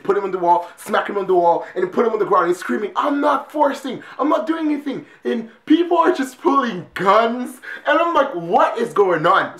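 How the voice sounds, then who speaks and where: Excitable young man telling a story. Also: high voice, roomy sound. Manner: excitable, swings between loud exclamations and hushed whispers. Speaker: vlogger. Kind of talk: animated storytelling to camera.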